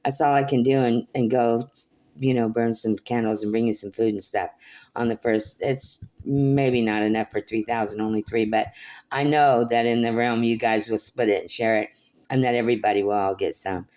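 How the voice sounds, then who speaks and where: A woman's voice: a bass voice, steady tone, moderate pace. Older woman, phone vlog, rambling spiritual monologue, emotional, preachy. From Portland, Oregon. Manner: emotional, preachy, swings between soft and loud; talks baby-talk to her dog. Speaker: vlogger.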